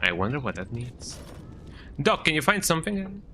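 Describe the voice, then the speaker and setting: Guy streamer rambling over his game, says eh a lot, really bright sharp voice. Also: a little high, very animated, normal speed, slight background noise. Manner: rambling, frequent "eh" tag. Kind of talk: casual gameplay commentary.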